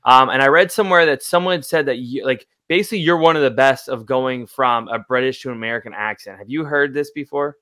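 A man's voice: mid-range voice, quick pace, hardly any pauses, pushed and bright, dry recording. A young man hosting a podcast interview, asking curious questions and often restarting his sentences. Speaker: podcast host. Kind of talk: casual interview.

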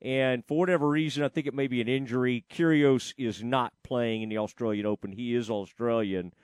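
A man's voice: mid-range voice, steady tone, brisk, a little mellow, smooth, no room sound. Man, sports talk host, casual rambling chat, lots of fillers, dry close sound. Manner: rambling, with frequent fillers and restarts.

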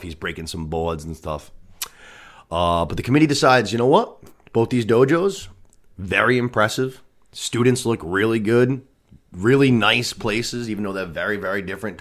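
A man's voice: low-pitched, fairly bright tone. A man hosting a podcast, recapping a TV season in casual, profane chat full of "you know what I mean". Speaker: podcast host.

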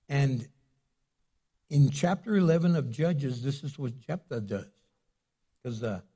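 Husky-voiced man preaching casually. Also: a little high, dark tone. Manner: casual storytelling with many restarts. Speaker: pastor. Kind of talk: sermon.

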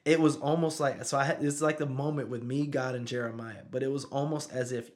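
A man's voice: mid-range voice, fairly even intonation, fairly quick. A man in his thirties, a father telling a story in casual conversation, who often asks "you know what I'm saying". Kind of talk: casual chat.

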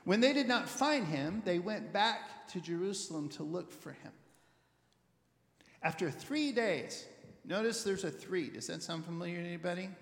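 A male pastor giving a conversational sermon as an animated storyteller who repeats words while he thinks. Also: sits high, moderate pace, vocal fry. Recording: echoey hall with long reverb.

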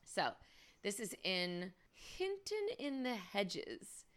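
A woman's voice: mid-range voice, very animated, takes it slowly, fairly bright tone. An American woman co-hosting a podcast, telling a story in a casual, chatty way with jokey asides and frequent laughter. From United States. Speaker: podcast co-host. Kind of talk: casual chat.

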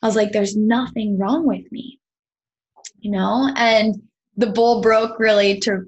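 Breathy woman, podcast guest, earnest storyteller, animated. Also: medium pitch, a little slow, highs cut off. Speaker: podcast guest, sound healer. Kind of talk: personal storytelling in an interview.

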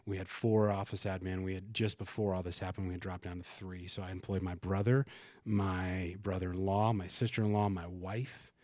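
A man with a low voice speaks as a podcast guest, open and emotional, with plenty of swearing and false starts. The sound is dry and close, with no room around it. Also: flat delivery, moderate pace, darkish tone, no echo. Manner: emotional and frank, swears, frequent restarts and fillers. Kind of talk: candid conversational storytelling.

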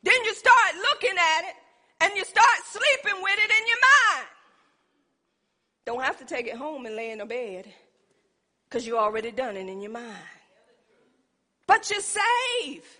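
A woman preaches with emphatic call-and-response in a church. Her voice sits very high and sounds bright and forceful. A long reverb from the church hall trails behind her words. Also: sing-song, a little slow, long pauses. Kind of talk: sermon. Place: church sanctuary.

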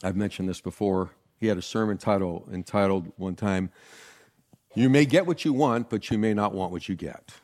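An older man, a pastor, preaching a sermon with jokes, jumping up in pitch to stress words. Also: moderate pace. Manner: animated, jokey, leaps in pitch for emphasis.

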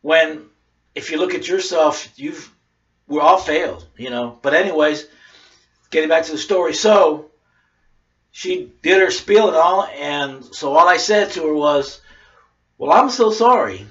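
A man's voice: fairly high pitch, measured pace, a bit bright. A man preaching informally, telling a personal story with lots of "you know" asides and restarts. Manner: conversational, rambling, many "you know" asides. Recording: dull lo-fi sound.

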